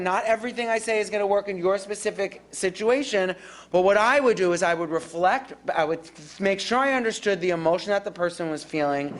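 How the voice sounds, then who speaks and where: A woman giving a live workshop on dementia care, animated and acting out calm, reassuring caregiver lines. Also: mid-range voice.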